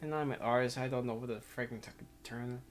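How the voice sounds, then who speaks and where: A man's voice: mid-range voice, fairly even intonation, quick pace. A man reading a visual novel aloud with his own commentary, rambling and cutting himself off. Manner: rambling, self-interrupting, laughs often. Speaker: let's player.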